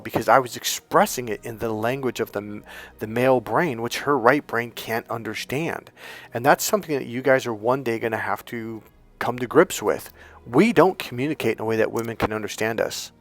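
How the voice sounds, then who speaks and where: A man, a dating coach, telling a personal story in a casual monologue, animated, swearing now and then, and acting out the lines of people in it. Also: mid-range voice, normal speed. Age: young adult. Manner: animated, swears and acts out quotes.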